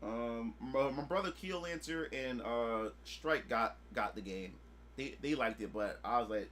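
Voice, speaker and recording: A man streaming a casual chat, excitable and swearing freely, acting out his own past reactions. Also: mid-range voice, unhurried, a little hiss or hum. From United States.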